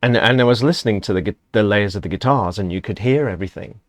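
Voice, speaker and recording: A man's voice: fairly low pitch, quick pace, no room sound. Enthusiastic man rambling about music. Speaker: music reviewer. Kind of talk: casual reaction commentary.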